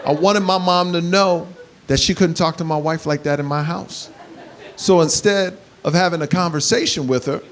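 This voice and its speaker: A man doing stand-up comedy who tells animated stories and builds up to shouts. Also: a little high, normal speed. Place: comedy club stage. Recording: live club set with crowd laughter. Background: audience laughter and room hiss.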